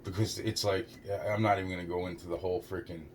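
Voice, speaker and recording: Speaking at a quick pace in a low, steady voice, a young man rambles through an experience of his own. He stumbles over words, says "it's like" repeatedly and swears a lot, while a little hiss or hum sits under the recording.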